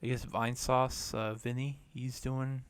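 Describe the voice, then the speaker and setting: A man's voice: mid-range voice, flat delivery, unhurried, smooth. A man co-hosting a podcast in casual chat, making offhand, dry asides. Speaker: podcast co-host.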